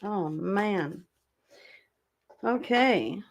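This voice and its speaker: Hosting a live tarot stream, this woman speaks in a medium-pitched, creaky voice, animated and with drawn-out words. She chats casually with her viewers, occasionally swears, and now and then turns away from the desk microphone.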